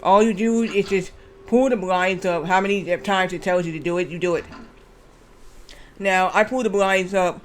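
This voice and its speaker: High-voiced rambling male streamer. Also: fairly even intonation, moderate pace, a little hiss or hum. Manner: rambling, restarts, swears freely. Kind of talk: casual gameplay commentary.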